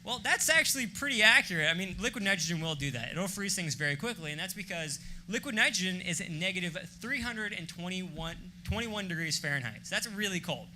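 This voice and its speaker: A man giving an energetic, joking live science demonstration on an event stage, quizzing the audience. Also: high voice, fairly quick, few pauses. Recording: loud event hall noise.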